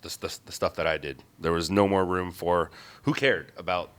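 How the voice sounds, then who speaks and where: Man, news stringer guest, low pitch, bright tone, blunt and profane storyteller. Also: fairly even intonation, normal speed, clear, resonant tone. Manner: blunt, storytelling, swears casually. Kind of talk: casual chat.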